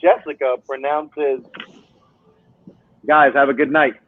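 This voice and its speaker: A man's voice: medium pitch, little pitch movement, takes it slowly. A man hosting a casual live-stream chat who tells joking stories and calls people "bro". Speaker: host. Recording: tinny phone-like line, dry.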